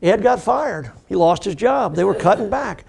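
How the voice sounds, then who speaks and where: A middle-aged man with a high voice and a gravelly, rough edge runs an addiction recovery lesson. He tells it as an easygoing story and acts out the people he talks about. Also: animated, normal speed, a little mellow. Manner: conversational, acts out the people in his stories. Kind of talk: storytelling lecture.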